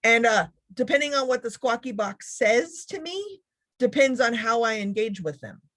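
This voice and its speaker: Woman keynote speaker, sarcastic and funny, animated motivational talk. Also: a little high, normal speed.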